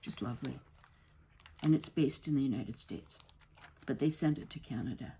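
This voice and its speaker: A woman with a low, gravelly voice talks through a crafting tutorial at home. Her chat rambles and often stops and restarts mid-sentence. There is a faint hiss of noise behind her. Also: moderate pace, mellow.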